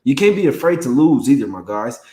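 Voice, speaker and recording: A young man hosts a relaxed sports betting livestream, talking in loose, slangy banter with a mid-range voice. The sound bounces around a roomy, echoey room. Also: mid-range voice, a little fast. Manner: slangy, laid-back banter, greets chat by name. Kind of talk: casual livestream chat.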